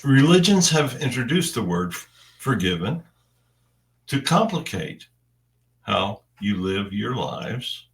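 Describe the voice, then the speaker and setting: A man with a fairly low voice delivers a first-person spiritual message at a very slow, unhurried pace. He speaks in deliberate, halting phrases with long pauses between them. The recording picks him up a bit far from the mic. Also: sing-song.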